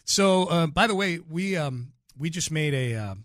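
Male co-host, wry and conversational, a bit higher-pitched, dry sound. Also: lively intonation, unhurried, fairly bright tone, no room sound. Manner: wry, self-mocking, conversational. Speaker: sports radio co-host. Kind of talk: casual sports talk.

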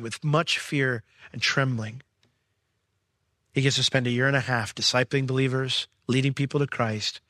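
A man preaching a sermon as pastor, reading scripture and paraphrasing it in casual slang, swinging from excited peaks to low, quiet stretches. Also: no echo, clean studio sound. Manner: emphatic, rising to excited peaks then dropping low.

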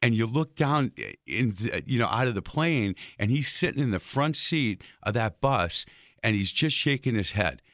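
A man hosting an interview, telling a lively story with stammered restarts. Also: medium pitch, moderate pace, no room sound, clean studio sound. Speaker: host.

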